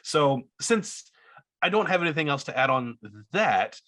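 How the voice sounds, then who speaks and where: A man's voice: fairly high pitch, animated, measured pace, a bit bright. A man hosting a podcast, eagerly setting up questions for his guests as a fan. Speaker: podcast host. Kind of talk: casual podcast interview.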